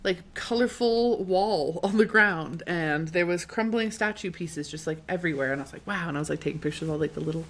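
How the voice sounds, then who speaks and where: A young woman podcast host telling a travel story casually, animated, with frequent laughs and many "like"s. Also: fairly low pitch, fairly quick, few pauses. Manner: animated, laughing often, lots of "like".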